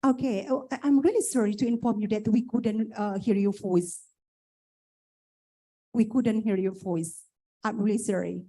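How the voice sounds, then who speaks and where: A woman's voice: medium pitch, fairly even intonation, normal speed, pauses often, warm tone. Polite woman moderating a conference. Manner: polite, apologetic, repeats herself. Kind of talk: hosting an online conference.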